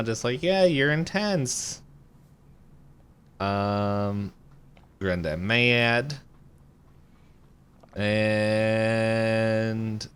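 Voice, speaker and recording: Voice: mid-range voice, fairly bright tone, clean tone. A podcast co-host in casual chat who laughs often and thinks aloud while checking the episode.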